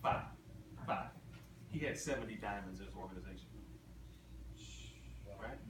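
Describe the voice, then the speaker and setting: A man's voice: fairly low pitch, normal speed. A man giving a motivational convention talk, emphatic and repetitive, throwing questions at the crowd. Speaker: motivational speaker. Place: large convention hall. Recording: echoey hall from far off, ambient noise.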